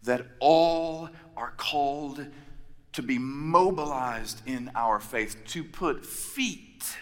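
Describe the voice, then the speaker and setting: A man preaching a sermon, emphatic, building his points with repeated phrases and pauses. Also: mid-range voice. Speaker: pastor. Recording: long reverb of a large hall.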